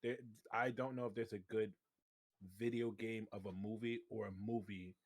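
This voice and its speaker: Laid-back podcast panelist. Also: male voice, on the low side, flat delivery, moderate pace. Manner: brief, laid-back interjections. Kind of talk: casual gaming podcast chat.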